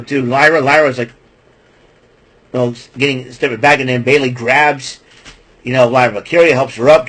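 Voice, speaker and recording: A man giving a casual, rambling wrestling recap, repeating himself, getting fired up about the villains and clearing his throat often. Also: medium pitch, a bit bright, rough recording.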